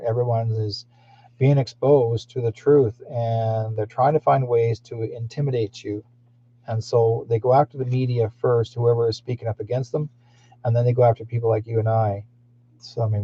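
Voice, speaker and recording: A man's voice: medium pitch, mellow. A man hosting a psychic live stream, talking in a meandering way with frequent fillers and restarts. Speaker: psychic livestream host. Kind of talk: rambling live-stream talk. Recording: dull lo-fi stream audio.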